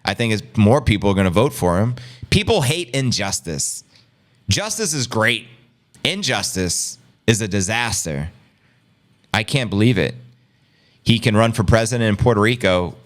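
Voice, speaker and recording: A man's voice: mid-range voice, expressive, normal speed. A man hosting a crypto news show, giving exasperated, incredulous live reaction commentary in a rambling way.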